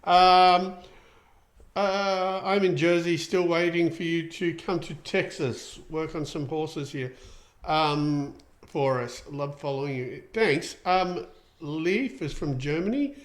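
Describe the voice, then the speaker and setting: A man's voice: on the high side, slow. A middle-aged Australian man hosting a casual livestream show, rambling and chatty with lots of ums as he reads out viewer comments. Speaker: show host.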